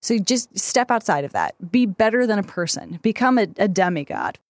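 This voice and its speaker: A woman co-hosts a casual advice podcast, her voice swinging up and down as she jokes and laughs between points. She thinks out loud with plenty of ums. The sound is close and dry. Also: medium pitch, big pitch swings, moderate pace, no room sound. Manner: playful, laughs often, thinks aloud with fillers. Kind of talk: casual chat.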